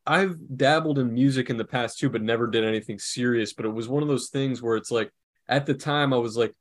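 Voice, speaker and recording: A man in his thirties co-hosts a podcast in a laid-back, rambling way, with casual swearing. His voice sits at an ordinary middle pitch. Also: fairly quick. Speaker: podcast co-host.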